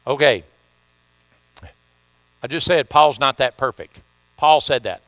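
Bright-voiced Midwestern pastor preaching. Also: male voice, medium pitch, slow, no room sound. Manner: folksy storytelling with emphatic scripture reading. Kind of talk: sermon. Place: church sanctuary.

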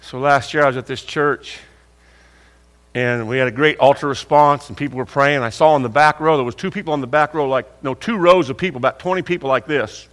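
With a fairly bright, mid-range voice moving a little fast, an older man spins a folksy storytelling sermon. He talks to the congregation conversationally, acts out the dialogue, and is heard through long hall reverb.

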